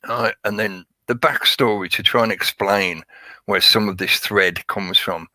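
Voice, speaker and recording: A man's voice: on the low side, measured pace, pushed and bright, no echo, rough recording. A man hosting a casual livestream, talking at length in a rambling way and greeting chat viewers by name. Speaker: livestream host.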